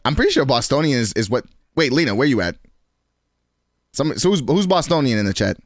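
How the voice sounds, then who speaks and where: This man in his twenties, New York accent and all, banters profanely with his stream chat and laughs frequently. His mid-range voice swings widely in pitch and moves a little fast, captured echo-free at studio quality.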